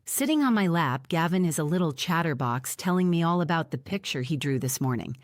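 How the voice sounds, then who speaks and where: A woman with a fairly low voice reads a first-person audiobook in a plain, even storytelling manner. The recording is dry and close, with no room sound. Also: brisk, hardly any pauses, no echo. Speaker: audiobook narrator.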